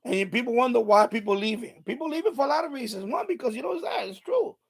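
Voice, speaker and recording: A man's voice: extremely high pitch, sing-song, quick pace, creaky, breathy edge. A man hosting a live stream, ranting angrily and profanely at a viewer in the chat. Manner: angry, profane, repetitive rant.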